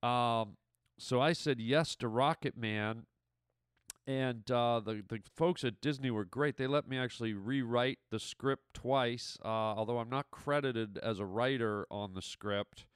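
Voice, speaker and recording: A man speaks in a casual recorded message and rambles playfully through a story. His voice is smooth and resonant. The recording is dry and close, with almost no room sound. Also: mid-range voice, a little slow, dry recording. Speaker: actor and comedian.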